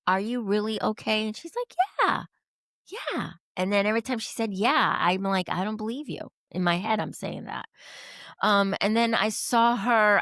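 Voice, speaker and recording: A woman guest telling a personal story in a lively way, acting out the dialogue she quotes. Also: fairly low pitch, no room sound, studio quality. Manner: animated, acts out quoted dialogue. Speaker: podcast guest.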